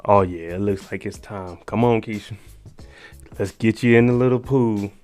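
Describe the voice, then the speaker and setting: A man's voice: on the low side, normal speed, darkish tone, soft background music. A man giving a casual, joking recap of a TV episode, talking slangy and aside to the viewer. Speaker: TV recap host.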